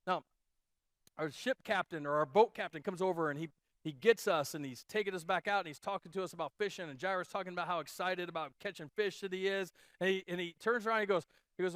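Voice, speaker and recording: A male pastor from Iowa telling a long, animated story during a sermon, chatty and full of fillers and restarts. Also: sits high, quick pace, no echo, studio quality. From Iowa, USA. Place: church.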